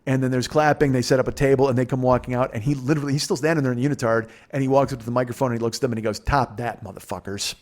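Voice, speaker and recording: A man's voice: medium pitch, very fast, few pauses. Profane, rambling male storyteller. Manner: profane, rambling, animated retelling with quoted voices. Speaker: podcast host. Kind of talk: casual storytelling.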